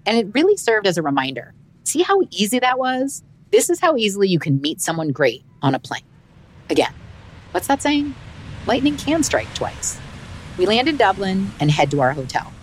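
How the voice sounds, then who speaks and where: A woman, a comedian hosting her podcast, narrating a travel story in a wry, expressive way. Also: fairly low pitch. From United States.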